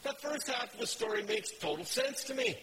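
A man's voice: very high-pitched, expressive, fairly quick, bright, forceful tone, slight background noise, low-quality recording. A man preaching a sermon, telling a story in a conversational way. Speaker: pastor.

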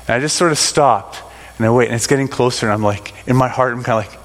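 A middle-aged man speaks quickly at medium pitch, telling a congregation a rambling personal story packed with fillers and restarts. The large hall gives the recording a long reverb.

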